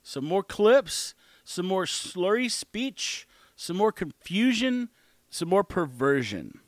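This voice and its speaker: A man's voice: high voice, very animated, slow, no room sound. A man hosting his own show, rambling through an opinionated casual monologue. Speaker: podcast host.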